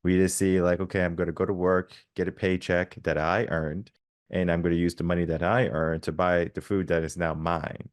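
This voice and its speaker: Deep-voiced male podcast host. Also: flat delivery, fairly quick, no room sound, clean studio sound. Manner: reflective, rambling, many fillers. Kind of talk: podcast interview.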